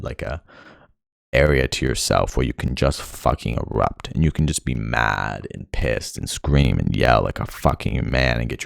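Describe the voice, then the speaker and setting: A man's voice: extremely low pitch, vocal fry, no room sound, studio quality. A young man in a rambling, profane monologue full of frustration, talking to himself about life and speech. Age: young adult. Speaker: vlogger. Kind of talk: ranting monologue.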